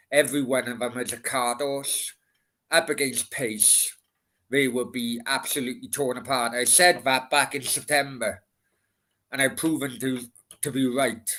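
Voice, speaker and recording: A man in his forties in casual football chat, swearing and reading out scores in quick bursts. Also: medium pitch, sharp tone. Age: 40s.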